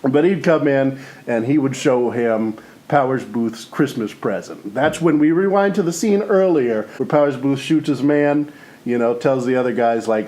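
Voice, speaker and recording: A man co-hosting a comedy podcast, rambling through a movie pitch full of "you know" and "or whatever" and laughing often. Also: normal speed, darkish tone, poor audio. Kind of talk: casual comedic chat.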